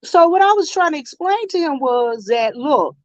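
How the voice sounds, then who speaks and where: Brief: woman, high voice, animated live-stream host, dry dull lo-fi sound. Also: normal speed, no room sound. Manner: animated, greets chat viewers mid-story. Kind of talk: casual live-stream storytelling. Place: convenience store.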